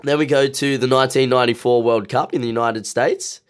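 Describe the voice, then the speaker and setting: A man's voice: medium pitch, fairly even intonation, brisk, smooth. A man with a nasal, flu-stuffed voice, bantering and joking as a podcast co-host. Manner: joking, laughs often. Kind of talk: casual banter.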